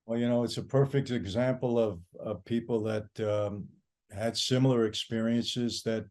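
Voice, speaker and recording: A man co-hosting a talk show, answering his partner in a measured, thoughtful way. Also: mid-range voice, fairly even intonation, a little mellow. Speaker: podcast co-host. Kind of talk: casual chat.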